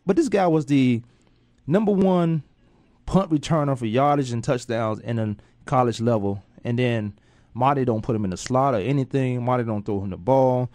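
A man's voice: medium pitch, normal speed, a little mellow, no echo. A man hosting a casual sports talk radio show, playful and loose with slangy banter.

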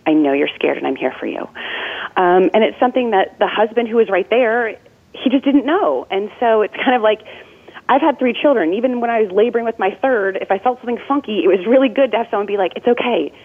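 A woman's voice: on the high side, fast talker. A woman in her forties, a death doula and former nurse, giving earnest, chatty interview answers full of "like"s. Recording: tinny phone-line sound.

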